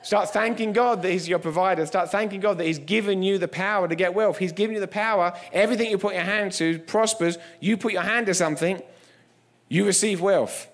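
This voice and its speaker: A man's voice: sits high, brisk. A man giving a sermon as a guest preacher, telling humorous stories in an emphatic way.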